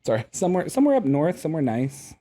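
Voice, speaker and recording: A man's voice: on the high side, very animated, fast, mellow. A man from Canada co-hosting a podcast, teasing his friend and laughing often in casual chat. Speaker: podcast co-host.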